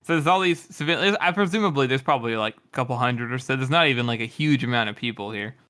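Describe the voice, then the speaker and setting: A man's voice: medium pitch, quick pace, pushed and bright. A man co-hosting a book podcast, retelling a scene casually and laughing often. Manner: giggly, laughs through retelling. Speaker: podcast co-host.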